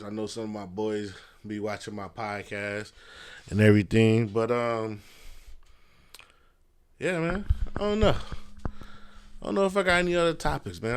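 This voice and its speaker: Low-voiced casual man podcasting, loose and profane. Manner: loose, profane, rambling with fillers. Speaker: podcast host. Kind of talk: casual solo podcast monologue. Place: messy room at home. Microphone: podcast mic.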